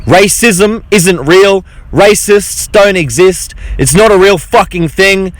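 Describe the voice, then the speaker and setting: A man's voice: high-pitched, takes it slowly, no echo, poor audio. A man delivering an angry, profane monologue to his audience. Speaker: vlogger. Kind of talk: monologue to camera.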